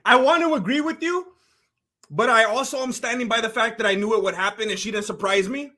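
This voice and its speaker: A high-pitched man from California hosts a casual livestream, chatting loosely about fights and reading viewer comments aloud. His voice is bright and forward, and his talk wanders, padded with "like" and "you know.". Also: brisk.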